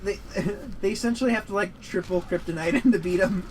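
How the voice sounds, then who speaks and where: A man's voice: sits high, brisk, a little mellow, slight background noise, rough recording. A man giving casual gaming commentary, rambling and swearing as he rants about a movie. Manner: rambling, profane, prone to heated rants. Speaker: gaming show co-host.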